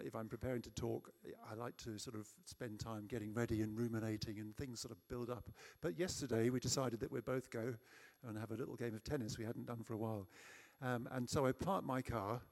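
A man's voice: medium pitch, fairly even intonation, brisk, hardly any pauses. Middle aged guy preaching, chatty storyteller, laughs at himself. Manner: self-deprecating, chatty storyteller who acts out shouting. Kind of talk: sermon with personal story.

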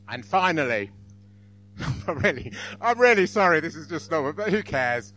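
A man's voice: medium pitch, expressive, a little fast, pushed and bright, slight background noise. A man giving an informal church talk, self-deprecating and apologetic with frequent chuckles. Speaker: church speaker.

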